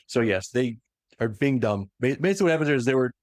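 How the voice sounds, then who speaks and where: A man casually recapping a story for a co-host, slipping into quick voiced quotes of the characters. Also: mid-range voice, no echo, studio quality. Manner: animated retelling that slips into quick voiced quotes. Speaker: podcast host recapping lore. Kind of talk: casual lore recap chat.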